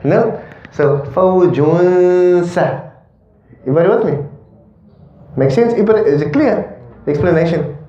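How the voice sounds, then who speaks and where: Male recitation teacher, higher voice with a mellow tone, keeps checking in with the class, dull echoey room recording. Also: expressive, quick pace, long pauses. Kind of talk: classroom tajweed lesson.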